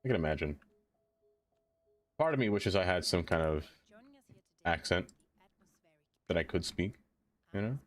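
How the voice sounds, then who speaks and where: A low-voiced man talks casually through a live game stream, drifting from topic to topic as he replies to chat. His manner is self-deprecating and loose. Soft music plays faintly underneath. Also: expressive, a little slow, pauses often. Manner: rambling, self-deprecating, answers chat aloud.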